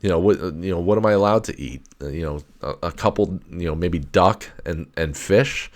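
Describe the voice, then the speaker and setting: Low-voiced man ranting with filler words. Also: moderate pace. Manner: rambling, profane, with many fillers and restarts. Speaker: podcast host. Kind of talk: casual solo rant.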